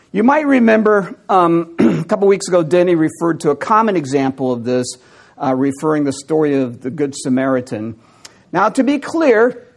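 High-voiced preacher with wry humor. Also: male voice. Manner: wry, amused asides, laughs at examples. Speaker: pastor. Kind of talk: teaching sermon.

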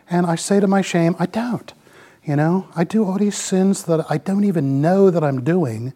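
A man in his mid-sixties gives a folksy, rambling church talk with slides, scattering "you know" throughout. His voice is on the high side and warm, with lively intonation at a normal speed.

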